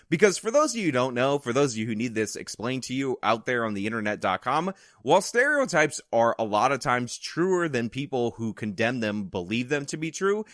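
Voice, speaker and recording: A man's voice: medium pitch, a bit bright, no echo, clean studio sound. A man hosting an opinion commentary video, delivering it with sarcastic, mocking asides.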